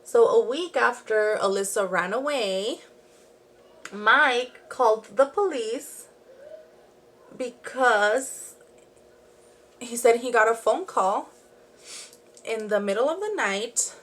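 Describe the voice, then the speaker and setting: A woman's voice: a little high, animated, takes it slowly, long pauses, a bit bright. A young woman telling a true crime story in a chatty, rambling way while doing her makeup at home. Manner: chatty, rambling, with frequent "like" and asides. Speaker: beauty and true crime vlogger.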